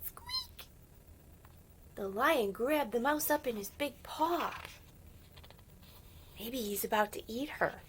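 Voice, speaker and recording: A woman reading a picture book aloud to children, gentle and often whispering, with playful animal sounds. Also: on the high side, takes it slowly, pauses often, slight background noise. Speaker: storyteller for children.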